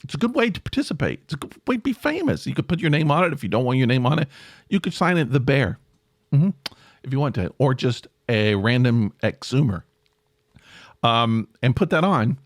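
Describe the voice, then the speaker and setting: A middle-aged man hosting a casual solo podcast, rambling and self-deprecating, jumping up in pitch for emphasis. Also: big pitch swings, brisk, no echo, clean studio sound. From American South. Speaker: podcast host.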